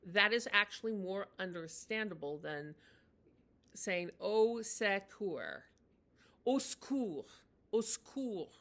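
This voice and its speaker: A woman teaching in a chatty, unscripted way, with many fillers and restarts, slowing down to model phrases. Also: medium pitch, a bit bright. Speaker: language teacher. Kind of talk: casual spoken lesson.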